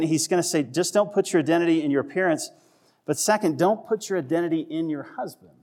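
A man's voice: fairly high pitch, a little mellow. A man preaching a sermon in a conversational way, checking in with the congregation and acting out voices for humor. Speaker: pastor.

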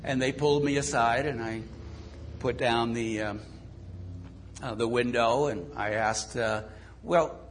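A man's voice: medium pitch, little pitch movement, measured pace, slight background noise. Man preaching a sermon in conversational storytelling. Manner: conversational storytelling with self-deprecating humor. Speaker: pastor.

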